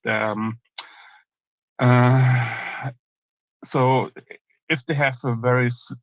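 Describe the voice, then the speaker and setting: A man hosting a live online audio chat, answering questions with many ums and halting restarts. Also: mid-range voice, a bit bright, no room sound, highs cut off. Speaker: host.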